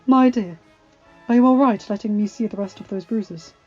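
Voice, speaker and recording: A woman reading as a calm court doctor, kindly and practical, who speaks gently. The recording sounds dull and lo-fi. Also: medium pitch, normal speed, husky, soft background music, natural voice. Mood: gentle.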